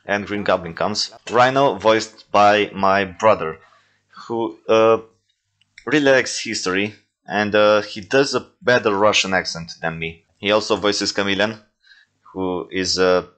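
A young man with a deep, low voice talks casually through his homemade toy films, often stopping to say "uh" and correct himself. English is not his first language, and his delivery stays loose and rambling. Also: unhurried, fairly bright tone. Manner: rambling, with frequent fillers and self-corrections. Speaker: toy film creator commenting on his own movies. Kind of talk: casual reaction commentary.

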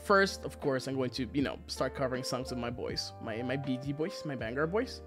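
A man chatting casually on a livestream, excitable and quick to laugh, swearing freely between thanks to viewers. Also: medium pitch, over music. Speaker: virtual idol streamer.

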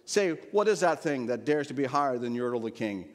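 A man's voice: mid-range voice, fairly even intonation, fast, voice pushed up, lightly acted. A man voicing a boastful male turtle king who barks orders, read aloud as a storybook in a reverberant church. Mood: bellowing. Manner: shouting, bragging, imperious.

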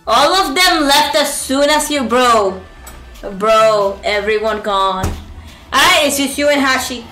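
A woman's voice: high-pitched, unhurried. A woman playing a video game alongside a streamer, chatting casually and teasing him. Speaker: co-player. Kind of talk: casual chat during gameplay. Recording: roomy sound with loud music behind.

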